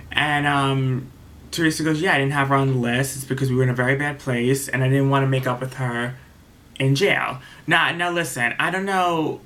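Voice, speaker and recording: A man's voice: medium pitch, normal speed, a bit bright. A man recapping a reality show episode in a casual, rambling way, retelling what the cast said and openly taking sides, with many ums and restarts.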